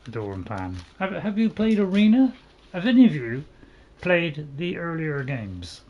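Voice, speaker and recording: A man's voice: a little high, very animated, a little slow, muffled recording. Man, gaming host, casual commentary, rambling, talks to chat. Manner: rambling, self-admitted waffler; chatty, talks to viewers in chat. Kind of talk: casual let's-play commentary.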